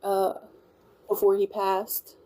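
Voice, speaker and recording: A Louisiana livestream host with a country and Cajun accent rambles through casual chat and thanks her viewers. Her mid-range voice is dark, slow and completely flat, and the recording is low quality.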